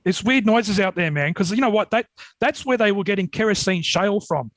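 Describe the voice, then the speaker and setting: An Australian man telling rambling stories as a podcast guest, getting animated when he retells a scare. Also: sits high, fairly quick, dry recording, poor audio. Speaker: podcast guest, Yowie researcher. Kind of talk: casual storytelling.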